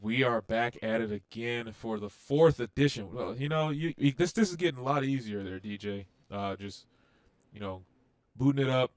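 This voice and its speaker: A man hosting a casual racing game livestream, rambling and animated with lots of fillers. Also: medium pitch, normal speed, no echo. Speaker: livestream host. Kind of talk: casual gaming livestream chat.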